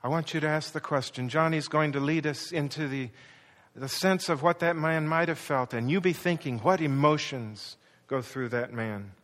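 A man's voice: on the high side, normal speed, fairly bright tone. A male pastor preaching a sermon with passion, acting out the quoted words with rising intensity. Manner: impassioned, acts out quoted lines with rising intensity. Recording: long hall reverb.

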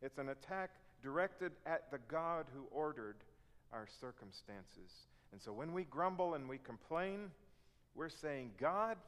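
A man preaching a sermon, reading scripture and explaining it earnestly, acting out complaints in a raised voice. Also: medium pitch. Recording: long hall reverb.

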